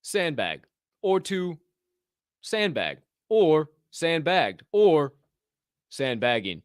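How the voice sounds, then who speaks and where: A man's voice: fairly high pitch, big pitch swings, very slow, dry recording, clean studio sound. A man hosting a podcast, joking and swearing casually, laughing at his own bits. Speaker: podcast host. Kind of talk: casual chat.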